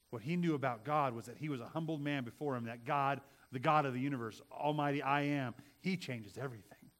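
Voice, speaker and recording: A middle-aged male pastor delivering a sermon. He speaks earnestly, repeats key phrases for emphasis and builds to loud, forceful passages. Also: medium pitch.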